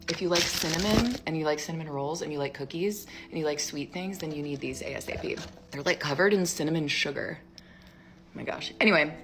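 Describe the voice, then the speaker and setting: A woman in her thirties tells a personal story in a casual, rambling way, leaning on "like" constantly. Her voice sits fairly low, but she jumps up sharply when acting out what people said. Soft music plays faintly behind her. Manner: chatty, rambling, heavy use of "like"; acts out quoted lines with sharp jumps up in pitch. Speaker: storyteller in a social media clip.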